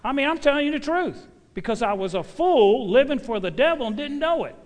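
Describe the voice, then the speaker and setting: A middle-aged man preaching a sermon with personal testimony, folksy and emphatic, swinging from loud exhortation to quiet asides. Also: very high voice, animated, fairly quick. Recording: long hall reverb.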